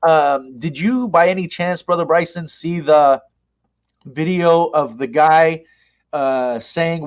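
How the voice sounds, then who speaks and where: In a conversational interview, a man who leads a mosque talks with a fairly high pitch and a measured pace. He retells events animatedly, speaking with passion and emphasis.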